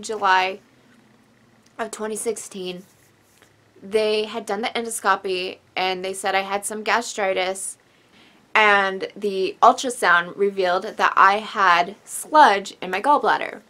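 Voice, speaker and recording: A woman's voice: medium pitch, sharp tone. Emotional young woman telling her story. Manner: rambling, emotional, with sighs and apologies. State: tearful at times. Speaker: vlogger. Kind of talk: personal story vlog.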